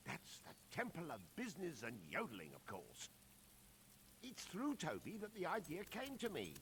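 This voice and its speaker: A man's voice: high voice, slight background noise, full character voice. An actor playing a grandiose male swindler who speaks floridly and mangles big words. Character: pompous male con-man entrepreneur, grandiose.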